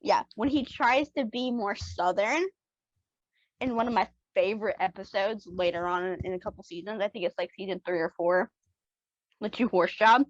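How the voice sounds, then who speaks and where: A young woman co-hosting a casual podcast, an excitable, giggly fan gushing about a show. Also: mid-range voice, moderate pace, dry recording. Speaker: podcast co-host. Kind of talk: casual recap chat. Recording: dull lo-fi mic.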